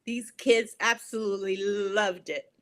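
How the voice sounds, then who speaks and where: A woman guest, a poet and filmmaker, recounting personal stories in an interview with earnest emotion and halting fillers. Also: mid-range voice, steady tone, a bit bright. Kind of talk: storytelling interview talk.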